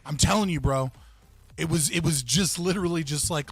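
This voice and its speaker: A man's voice: on the high side, fairly quick, fairly bright tone, husky, soft background music. A young man telling a story casually on a livestream, rambling with many restarts and laughing at himself. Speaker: livestream host.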